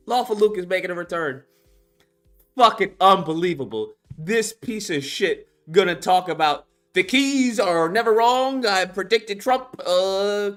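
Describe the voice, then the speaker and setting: Animated, bright-voiced streamer man. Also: high voice, moderate pace, faint music behind. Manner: animated, profane, with sudden shouted outbursts. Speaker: streamer host. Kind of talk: live stream reaction commentary.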